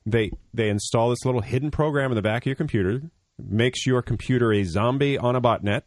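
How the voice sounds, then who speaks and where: A man's voice: mid-range voice, a little fast, darkish tone, no room sound. Man, radio tech show co-host, blunt, joking, long explanations, dry studio sound. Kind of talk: casual radio tech talk.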